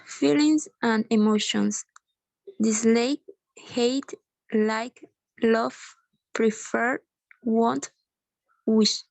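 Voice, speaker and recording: Slow, careful woman student reading. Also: a little high, steady tone, gravelly, darkish tone, no room sound, rough recording. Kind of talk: reading word lists aloud. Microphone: video call.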